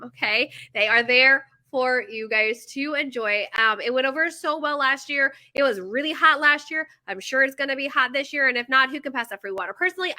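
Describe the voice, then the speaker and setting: An American bakery owner in her thirties chats directly to camera about her shop, animated and wandering into tangents while filling her sentences with fillers. Her high voice comes across bright and crisp.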